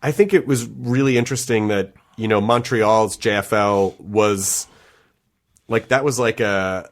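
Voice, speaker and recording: A man's voice: lowish voice, unhurried. A middle-aged man hosting a casual podcast interview, asking long, thoughtful questions with restarts. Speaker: podcast host.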